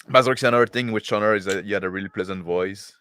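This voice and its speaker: A man's voice: lowish voice, rapid-fire, fairly bright tone, clear, resonant tone. A man co-hosting a casual group chat, talking bluntly and swearing freely. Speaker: podcast co-host.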